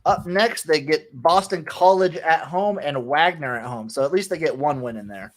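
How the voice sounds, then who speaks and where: Male podcast co-host, slightly higher voice, relaxed picks chat with a blunt edge. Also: moderate pace. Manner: laid-back, opinionated, swears casually. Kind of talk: casual sports betting chat.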